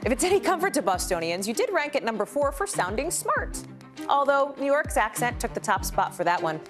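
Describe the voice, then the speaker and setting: A woman's voice: high-pitched, big pitch swings, fairly quick, over music. Chatty woman news anchor. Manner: chatty, conversational asides.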